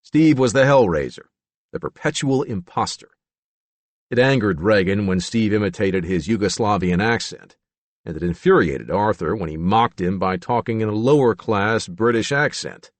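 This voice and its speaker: A male audiobook narrator reads in a lowish voice that rises and falls freely. The recording is close and completely dry, with no room sound. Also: expressive, normal speed, dry recording.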